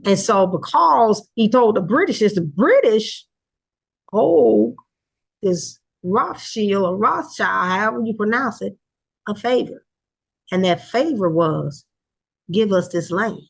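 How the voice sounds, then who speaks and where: An older woman gives an informal teaching. Her delivery is earnest and rambling, full of pauses and self-corrections. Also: mid-range voice, expressive, gravelly, slightly rough. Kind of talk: casual teaching talk.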